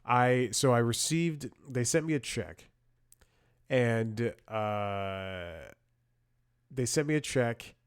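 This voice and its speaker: This comedy podcast host has a medium-pitched, smooth voice and a slow pace. His storytelling and commentary ramble, punctuated by frequent chuckles and restarts, with a wry, blunt edge.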